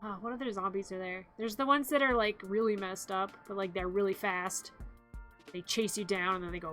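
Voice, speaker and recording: On a live stream, a streamer chats casually in a playful, giggly manner, acting out zombie growls and screams. The mid-range voice is pushed and bright, a little fast, with fairly even intonation, over soft background music.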